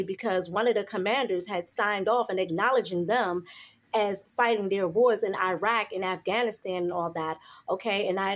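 Female host preaching to camera in an emphatic monologue; mid-pitch, keeps checking in with "okay?". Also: husky. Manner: emphatic, tags lines with a questioning "okay?"; repeats words and restarts when heated. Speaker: religious video host.

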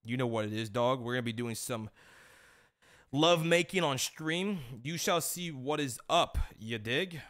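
A man's voice: medium pitch, expressive, unhurried, a bit bright. A young man streaming, chatting casually with slangy banter and telling a funny story about his dad. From Mexican-American family. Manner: laid-back slangy banter, laughs at his own stories.

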